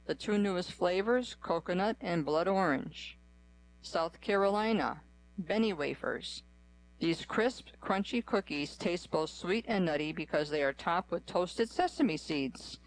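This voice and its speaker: A radio reader working through a magazine article in an even, measured way, pausing between the items of a list. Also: mid-range voice, rough recording. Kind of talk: scripted reading of articles.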